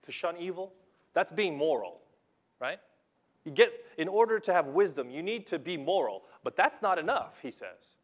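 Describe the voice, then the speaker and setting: A young adult man preaching a sermon in a conversational, animated way, telling stories from his coaching and acting out what people say. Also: fairly high pitch, normal speed. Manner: conversational, animated storytelling with acted-out quotes. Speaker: pastor and basketball coach.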